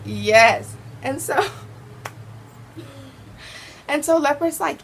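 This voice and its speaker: A woman's voice: high-pitched, lively intonation, takes it slowly, long pauses, a bit bright, slight background noise, rough recording. A teenage girl vlogger telling a dramatic storytime, acting out the quoted voices. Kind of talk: casual storytime vlog.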